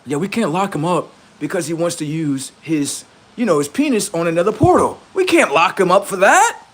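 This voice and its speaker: A man's voice: high-pitched, big pitch swings, normal speed. A man on a livestream, talking in a rambling, profane, boastful monologue, often laughing and acting out quoted voices. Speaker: livestream host.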